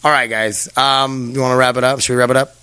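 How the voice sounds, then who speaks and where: A man's voice: mid-range voice, level tone, fast, bright, forceful tone, clean tone, dry recording. A young man hosting a podcast in a rambling casual chat, swearing and laughing as he talks. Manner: rambling, profane, laughs often. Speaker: podcast host.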